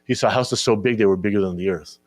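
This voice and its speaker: Low-ish guy preaching casually to young folks, repeats words a lot, dry close mic. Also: fast talker, a little mellow, no echo. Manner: conversational, keeps asking "right?"; repeats words when searching for them. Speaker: speaker at a religious gathering. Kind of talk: informal sermon to young listeners.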